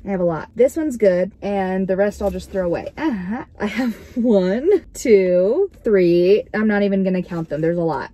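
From her parked car, a young woman chats casually for her vlog in a mellow, medium-pitched voice. She rambles and giggles, and she startles easily.

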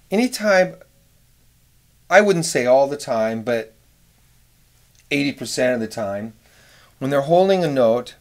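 Man, middle-aged, music teacher, casual rambling explanation, scat-sung rhythms, average pitch. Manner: relaxed, rambling, sings rhythms with scat syllables. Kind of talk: casual instructional talk.

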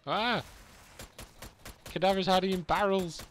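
A man's voice: high voice, steady tone, a little slow, slight background noise. A young man casually commentating a let's play, playfully echoing game lines and yelping at enemies. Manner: playful, mimics game voices and exclaims. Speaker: streamer.

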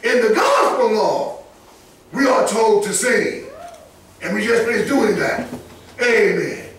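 A man preaching a sermon, emphatic and animated, often rising into shouts and chuckling between points. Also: high voice, slow, slight background noise. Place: church sanctuary. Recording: echoey church from far off.

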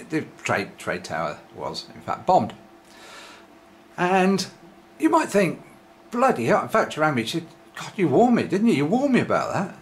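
A man rants sarcastically into the camera, swearing freely and wandering from point to point. His pitch jumps up and down a lot as he talks. A faint hiss of noise sits under the voice. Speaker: vlogger. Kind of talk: ranting monologue.

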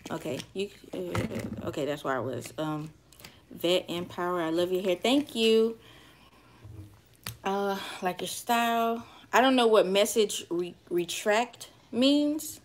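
A woman's voice: lowish voice, slow pace, long pauses, a little hiss or hum. A young woman with a Southern accent from the Carolinas, chatting casually at home on a livestream and reading out viewer comments. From North Carolina or South Carolina, US. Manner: chatty, loose, trails off with fillers. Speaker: hair vlogger reading live comments. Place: at home, indoors.

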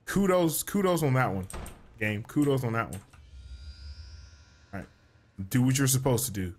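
A man's voice: medium pitch, big pitch swings, normal speed, a little mellow, slight background noise. A young man chatting playfully and jumpily while playing a horror game with a friend. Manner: playful, jokey, easily spooked. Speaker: gaming YouTuber. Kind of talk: casual gameplay chat.

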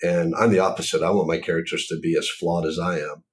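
A man talking as an author in a casual discussion, thoughtful and measured, with frequent pauses and ums. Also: low voice, flat delivery. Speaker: author and series creator.

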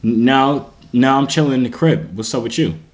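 A man on a phone video chat, pranking strangers with deadpan, mock-nerdy insults. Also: medium pitch, normal speed.

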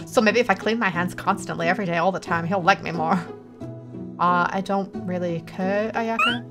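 A woman hosting a let's play, reading game dialogue aloud with crude joking asides and quick mock character voices. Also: medium pitch, over music. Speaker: gaming video host.

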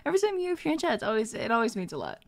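A woman's voice: a little high, wildly swooping pitch, racing, vocal fry. A woman streamer chatting with her viewers, bubbly as she reads and thanks the chat.

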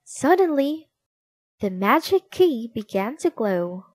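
A woman narrates a children's storybook slowly and expressively, her fairly high, husky voice moving a lot in pitch. The recording is close and dry with no echo.

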